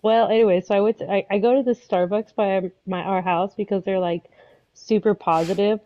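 A woman's voice: medium pitch, steady tone, a little fast. A woman, tired and teary, chatting as a guest and rambling through stories with lots of fillers. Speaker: guest on a stream. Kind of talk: casual chat. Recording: dull lo-fi audio.

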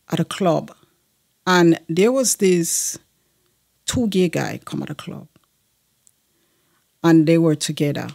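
A woman's voice: lowish voice, creaky, darkish tone. Earnest woman telling her story. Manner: earnest, with frequent fillers. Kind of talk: personal testimony storytelling.

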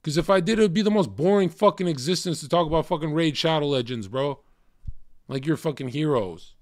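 A man ranting on a livestream, profane and combative, swinging between loud outbursts and low muttering. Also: animated, fairly quick. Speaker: streamer. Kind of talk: casual livestream rant.

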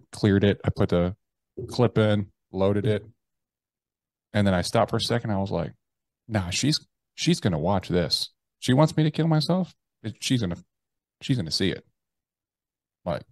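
A man's voice: deep voice, darkish tone, dry recording. A man, an army veteran, telling a personal story in an interview, talking casually with lots of swearing and "like". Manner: casual and profane, heavy use of "like" and "bro".

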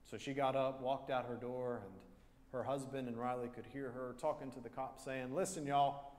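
A man's voice: medium pitch, little pitch movement, moderate pace, a little mellow. Male pastor preaching in a reverberant church. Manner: earnest storytelling, repeats key phrases. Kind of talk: sermon. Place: church sanctuary.

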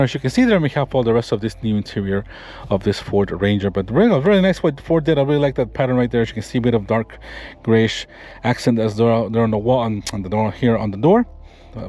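A man's voice: mid-range voice, a little mellow. A man giving a casual, enthusiastic walkaround review of a pickup truck, pointing out features as he goes. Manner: casual, enthusiastic, talks while pointing things out. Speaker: car reviewer. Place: around and inside a pickup truck.

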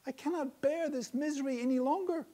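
A man doing a fretful, high-voiced wife. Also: fairly quick, mellow. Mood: anxious urgent. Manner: urgent, fretful. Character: distressed young wife, fussy and anxious.

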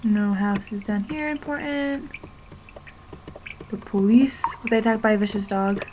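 A woman's voice: medium pitch, measured pace, a little mellow, a little hiss or hum, poor audio. A woman giving casual, chatty commentary on a video game, wondering aloud as she plays, with game music underneath. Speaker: let's play commentator. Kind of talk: gameplay commentary.

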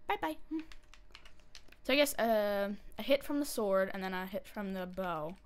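A woman giving casual commentary while she plays a game, chatty and excitable, breaking into panicky squeals and repeated pleas when things go wrong. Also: mid-range voice, a little slow, clean tone. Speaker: gameplay commentator.

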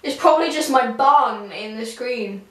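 A young woman chats to her camera in a bright, fairly high voice, rambling and giggling at herself as she goes. She sits a few feet back from the camera, so she comes across distant in a small room that echoes. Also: moderate pace. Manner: rambling, giggly and self-mocking. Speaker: vlogger. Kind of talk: casual chat to camera. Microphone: camera on a tripod a few feet off.

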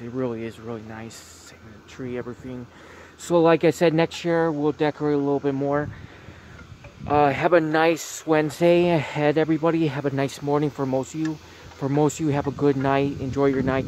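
A man giving a casual vlog tour of holiday decorations outdoors on a phone, talking gently and repeating himself often. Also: mid-range voice, a little hiss or hum. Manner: repetitive, gentle, keeps saying very very nice. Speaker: vlogger. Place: outdoors at night by a house.

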